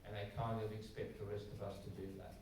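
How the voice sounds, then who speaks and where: A man's voice: on the low side, little pitch movement, quick pace, darkish tone. An Australian man giving a conversational public talk as an Anglican priest to a church audience, acting out bits of dialogue in shifting voices. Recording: very echoey hall, distant mic, faint noise.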